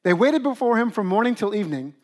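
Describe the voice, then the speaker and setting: High-voiced man preaching a lively sermon. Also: quick pace. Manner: lively, conversational preaching with acted asides. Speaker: pastor.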